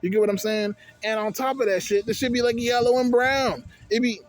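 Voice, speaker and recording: A man's voice: high voice, fairly even intonation, quick pace. A young man casually reviewing a vape on his vlog, rambling and swearing through digressions. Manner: profane, rambling, digressive storytelling.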